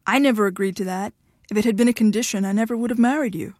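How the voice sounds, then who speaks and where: A sharp, independent young woman with a curt, dismissive edge, as a woman narrator reads her. Her pitch is middling. The recording is dry and close. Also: rapid-fire, no echo, lightly acted.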